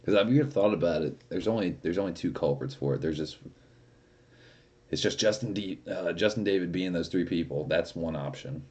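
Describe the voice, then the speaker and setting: Young male streamer, low dark voice, profane and rambling casual chat. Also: fairly quick, slightly rough, highs cut off. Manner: rambling, profane, laughs often.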